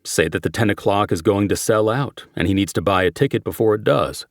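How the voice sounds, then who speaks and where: A calm, terse sheriff's deputy, read by a male narrator in a very deep voice. His lines are short and measured, recorded dry and close. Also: dry recording, natural voice.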